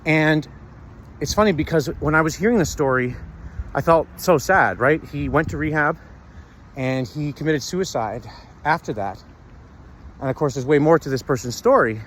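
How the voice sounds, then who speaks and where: A man talking earnestly and haltingly to camera while walking outdoors, often pausing to search for words. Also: fairly high pitch, a bit bright, slight background noise. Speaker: vlogger. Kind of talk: reflective personal talk.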